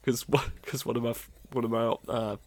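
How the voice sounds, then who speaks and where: A man's voice: mid-range voice, level tone, normal speed, dry recording. Sardonic man on a dry close mic. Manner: dry, sweary, sardonic banter. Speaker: podcast co-host. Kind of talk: casual podcast chat.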